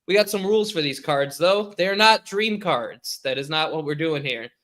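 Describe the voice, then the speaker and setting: Bright-voiced laughing podcast co-host. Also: male voice, on the high side, expressive, normal speed. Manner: laughing storyteller. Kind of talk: casual chat. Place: remote call.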